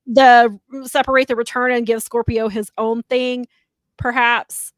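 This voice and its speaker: A woman's voice: fairly high pitch, level tone, measured pace, no room sound. Chatty woman podcast co-host, rambling. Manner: rambling, filler-heavy retelling of others' remarks. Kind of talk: casual wrestling chat.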